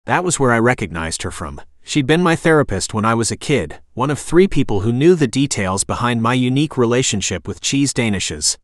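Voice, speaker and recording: A man reading a first-person audiobook narration in a wry, expressive manner. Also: medium pitch, a little fast, hardly any pauses, no echo, clean studio sound.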